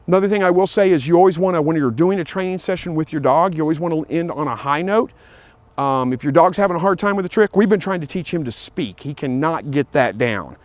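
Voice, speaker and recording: A man's voice: a little high, no room sound. A man talking casually outdoors about training his dog, plain and easygoing, repeating himself and calling out commands to the dog now and then. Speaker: dog owner giving training tips. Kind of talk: casual outdoor vlog talk. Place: outdoors in a field.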